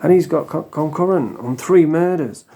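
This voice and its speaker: Heated man, dark low-key tone, blunt casual rant with swearing. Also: normal speed, gravelly. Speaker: vlogger. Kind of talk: casual ranting monologue.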